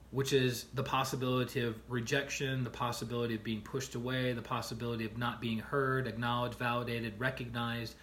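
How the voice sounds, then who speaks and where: A life coach streams casually to viewers, his voice at a medium pitch. He retells stories with animation, acting out the people in them, and often checks in with a "right?"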